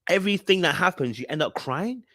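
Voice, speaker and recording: A man's voice: high voice, animated, fairly quick, bright, forceful tone, no room sound, studio quality. A young man hosting a podcast, giving an emphatic casual monologue and often checking in with his listeners. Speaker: podcast host reviewing a reality show.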